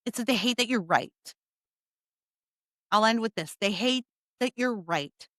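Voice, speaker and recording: A woman's voice: a little high, expressive, unhurried, fairly bright tone, no room sound. Emphatic, sarcastic woman commentator. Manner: emphatic, repeats points, sarcastic. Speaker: political commentator host. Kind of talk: opinion monologue.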